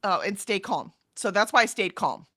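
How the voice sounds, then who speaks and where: A middle-aged woman co-hosting a live stream, chatting casually and telling an animated story full of ums and "right?", acting out the other people's lines as she goes. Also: medium pitch, moderate pace, no room sound, studio quality. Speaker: co-host of a writing sprint stream. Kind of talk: casual chat.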